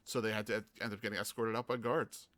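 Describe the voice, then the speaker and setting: A man hosting a gaming podcast, telling stories in a casual, animated way and acting out the people he quotes. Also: lowish voice, quick pace. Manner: animated, acts out quoted voices. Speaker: podcast host. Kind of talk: casual storytelling chat.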